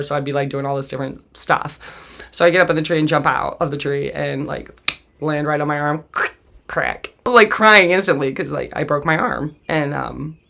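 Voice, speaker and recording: A woman's voice: deep voice, moderate pace, gravelly, fairly bright tone. A woman in her forties hosting a podcast, telling her own family story bluntly and with swearing, often laughing through hard memories. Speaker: podcast host. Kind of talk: candid personal storytelling.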